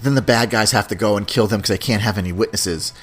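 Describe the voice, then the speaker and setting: A man hosting a podcast in a casual, rambling, animated chat, laughing often. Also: lowish voice, fast talker, husky. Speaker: podcast host.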